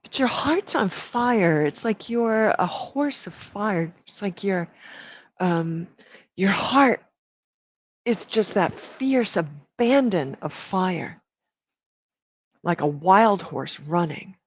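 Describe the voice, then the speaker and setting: A woman's voice: mid-range voice, lively intonation, slow, breathy edge, no echo. A woman energy healer giving a live energy reading, speaking affectionately to each person and drawing out her words. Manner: affectionate, calls people sweetheart and baby. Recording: dull lo-fi audio.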